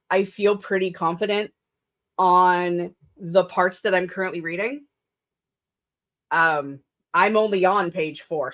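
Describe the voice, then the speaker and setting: A woman's voice: on the low side, fairly bright tone. A woman author chatting casually on a writing stream, rambling with many fillers and self-corrections, laughing often. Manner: laughs often between sentences. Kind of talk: casual chat.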